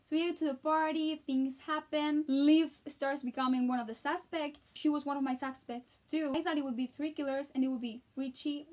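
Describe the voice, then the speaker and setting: High-voiced, gushing woman vlogger. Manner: excitable and gushing, acting out her own reactions. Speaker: vlogger reviewing a film. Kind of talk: casual chat.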